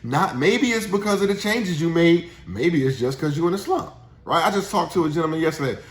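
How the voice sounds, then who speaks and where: A man's voice: a little high, animated, brisk, reverberant. A man giving a casual motivational talk as a sales trainer, chatty and full of tag questions. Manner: chatty, uses tag questions and frequent restarts.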